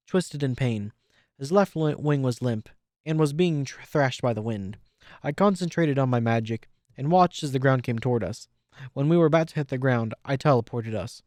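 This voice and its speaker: A man reads a first-person adventure story aloud at an easy, steady pace. His voice sits in a plain middle register. The recording is bone dry and close to the mic. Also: medium pitch, no echo. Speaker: audiobook reader. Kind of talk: reading fan fiction aloud.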